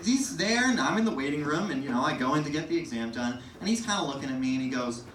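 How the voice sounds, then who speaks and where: A man doing self-mocking stand-up storytelling at an open mic, animated, swearing casually and breaking into laughter. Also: on the high side, quick pace, a crowd in the background. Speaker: stand-up comedian. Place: comedy open mic venue. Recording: roomy, distant mic in a live venue.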